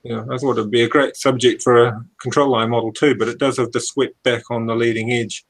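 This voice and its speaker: A man's voice: mid-range voice, little pitch movement, fairly quick, rough recording. A man on a casual video call, asking questions and musing keenly about old planes. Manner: enthusiastic, asks questions, muses aloud. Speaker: guest on a hobby hangout.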